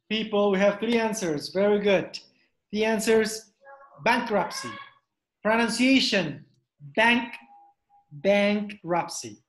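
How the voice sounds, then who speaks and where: Guy teaching english on a video call, keeps repeating words for students, roomy echo. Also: high-pitched. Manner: repeats questions, drills pronunciation. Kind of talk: online class teaching.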